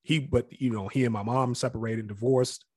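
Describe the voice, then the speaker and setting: Man, interview guest, from near D.C., reflective storyteller, candid, mid-pitched, dry close sound. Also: steady tone, moderate pace, a little mellow, slightly rough, no echo. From Capitol Heights area near Washington, D.C. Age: adult past college age. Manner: reflective and candid, often acts out other people's voices.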